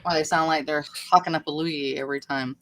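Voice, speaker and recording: A woman's voice: deep voice, steady tone, quick pace, background noise. A woman chatting casually on a livestream, rambling and poking fun at herself. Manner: rambling, chatty, self-deprecating. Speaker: livestream host.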